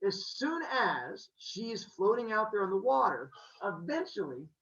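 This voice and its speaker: A male teacher telling myths to a classroom as an animated, joking storyteller who quizzes his students. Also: high-pitched, unhurried, reverberant. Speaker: middle school teacher. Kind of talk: classroom lesson on mythology. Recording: dull lo-fi classroom recording.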